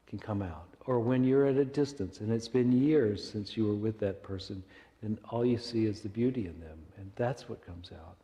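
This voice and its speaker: A man's voice: fairly low pitch, dark tone. A man, a minister, giving a reflective and earnest sermon told as a story, with small restarts. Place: church sanctuary. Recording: echoey church hall.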